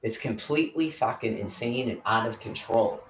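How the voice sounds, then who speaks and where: A woman's voice: a bass voice, normal speed, slight background noise. A woman in an agitated, profanity-filled angry monologue to camera. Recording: roomy echo.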